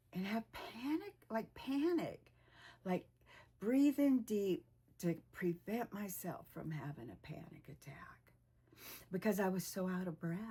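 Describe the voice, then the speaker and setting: Slow, low-voiced woman in her sixties. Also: mellow, husky. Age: 60s. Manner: reflective, rambling, drops to whispers at times. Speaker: weight loss vlogger. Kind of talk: candid personal vlog.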